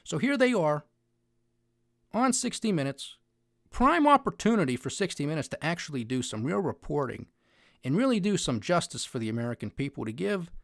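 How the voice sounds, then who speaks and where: A man's voice: fairly high pitch, no echo, clean studio sound. A man giving an opinionated monologue on finance news, sarcastic and mocking, with heavy emphasis.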